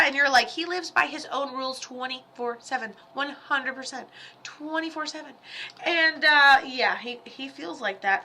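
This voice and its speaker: A woman giving live psychic readings on a stream, chatty and rambling, with quick asides and quoted voices. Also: high voice, pushed and bright. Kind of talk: casual livestream readings.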